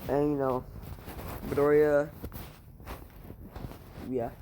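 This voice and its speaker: A man's voice: on the high side, little pitch movement, very slow, dark tone, slight background noise. A man casually making up a fan-fiction story aloud, rambling, with lots of "you know" and "like", swearing freely.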